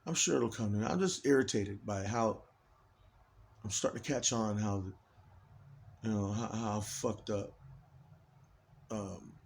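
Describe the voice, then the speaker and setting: A man's voice: on the low side, unhurried, creaky, long pauses, slight background noise. A man in an agitated, rambling personal monologue, swearing heavily and restarting his sentences often.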